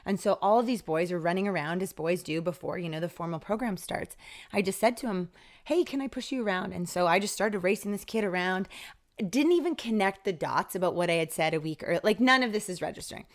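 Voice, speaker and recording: A woman with a somewhat low voice speaks as a podcast guest. She tells a personal story casually and with energy. She acts out what people said along the way. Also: fast talker. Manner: lively, acts out quoted dialogue.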